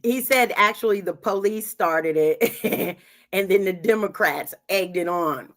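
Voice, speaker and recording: A woman's voice: mid-range voice, a little slow, a crowd in the background. A woman co-hosting a casual podcast, laughing and bringing up topics. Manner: laughing, relaxed, feeding topics. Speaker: co-host.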